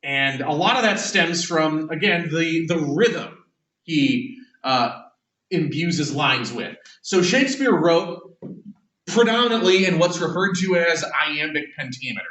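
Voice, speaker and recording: A man's voice: fairly high pitch, lively intonation, measured pace, pushed and bright, far from the mic. A male teacher giving an English class lecture, casual and conversational, with frequent fillers and restarts. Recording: echoey room, voice from off the mic.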